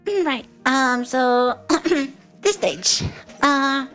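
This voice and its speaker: A woman interviewing a fellow streamer, rambling in a casual chat with lots of fillers and frequent throat clearing. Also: sits high, extremely slow, fairly bright tone, soft background music. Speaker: guest interviewer.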